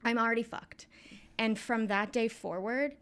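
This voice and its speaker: Woman, podcast storyteller, animated, quotes people in her story, casual swearing, mid-pitched. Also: moderate pace, clear, resonant tone.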